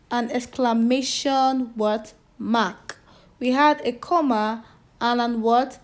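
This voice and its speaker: A woman teacher with a Nigerian accent reads a short story to children and then reviews it with them. Her voice sits high, and she goes slowly and deliberately. She spells new words out letter by letter. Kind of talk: reading aloud and teaching children.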